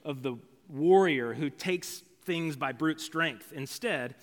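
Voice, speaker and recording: A man's voice: fairly high pitch, slow. A male pastor preaching a sermon in a conversational, storytelling way, with casual asides. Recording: long hall reverb.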